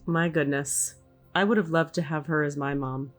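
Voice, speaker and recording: A woman hosting a podcast, speaking softly and reflectively, with frequent hums and sighs as she channels a spirit. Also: sits low, fairly even intonation, moderate pace, faint music behind. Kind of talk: casual podcast talk.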